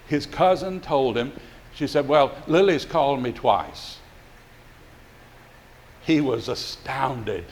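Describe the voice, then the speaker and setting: A man's voice: medium pitch, slight background noise. An older male pastor telling a folksy, rambling story in a sermon, with many fillers and restarts.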